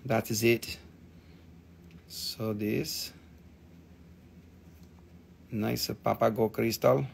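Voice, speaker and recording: A man's voice: lowish voice, steady tone, extremely slow, creaky, a little hiss or hum. A man hosting a live crystal sale in a casual, chatty way, swearing freely and reading out viewer comments. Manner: stops to count and name items as he shows them. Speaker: live-stream crystal seller. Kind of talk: casual live sales chat.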